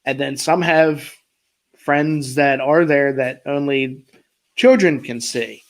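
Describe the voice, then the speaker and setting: A man with a Maryland accent, hosting a casual podcast chat and telling stories with drawn-out pauses that trail off quietly. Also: mid-range voice, poor audio. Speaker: podcast host.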